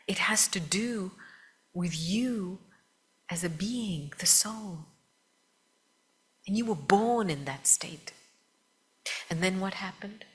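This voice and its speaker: A woman teaching spiritual meditation to a live audience, talking gently, asking listeners questions and often dropping to a soft whisper. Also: mid-range voice.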